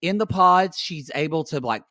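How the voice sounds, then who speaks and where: A man's voice: a little high, normal speed, sharp tone, no echo, studio quality. A man co-hosting a podcast, recapping a reality show in casual chat, rambling with restarts and acting out quotes. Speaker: podcast co-host.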